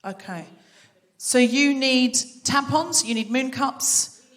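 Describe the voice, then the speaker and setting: Bright, high woman hosting a live show. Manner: brisk, upbeat questioning of the crowd. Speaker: podcast host. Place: theatre stage before a live audience. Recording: long hall reverb with audience.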